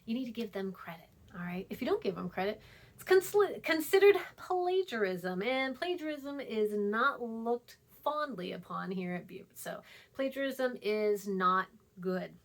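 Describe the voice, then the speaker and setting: A woman college writing instructor giving a recorded online lecture in a chatty, emphatic way, repeating herself and dropping into a hushed voice for asides. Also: fairly high pitch, expressive, moderate pace.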